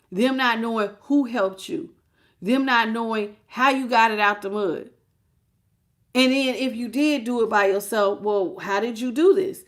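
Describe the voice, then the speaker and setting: Woman with a slightly high voice doing a chatty live tarot reading aimed straight at the viewer. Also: fairly bright tone. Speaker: tarot reader.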